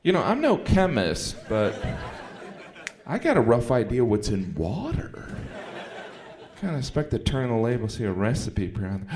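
Animated stand-up comic man from Indiana. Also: on the low side, moderate pace, background noise. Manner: animated, slipping into put-on character voices. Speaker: stand-up comedian. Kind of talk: stand-up comedy routine. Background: audience laughter.

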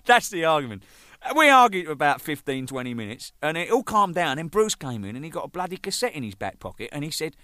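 Rambling drummer spinning stories. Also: male voice, fairly high pitch, sing-song, fast talker, no room sound, clean studio sound. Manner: rambling, swearing, laughing, acting out shouted quotes. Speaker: band drummer telling stories. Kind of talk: casual storytelling monologue.

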